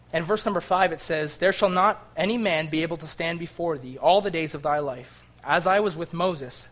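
A man's voice: on the high side, a bit bright. A man preaching a sermon with fervor, reading scripture aloud and rising to impassioned cries.

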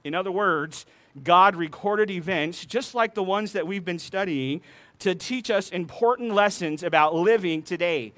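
Man, pastor, sermon, high voice, dry close sound, acts out story dialogue. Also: moderate pace, a bit bright, dry recording. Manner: retells scripture with playful voiced dialogue.

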